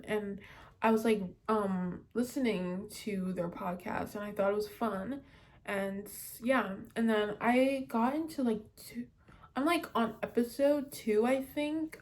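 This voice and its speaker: A woman's voice: mid-range voice, darkish tone. A young woman chatting casually about a book she read, rambling with many fillers and restarts and giggling now and then. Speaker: book vlogger. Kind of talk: casual book review chat.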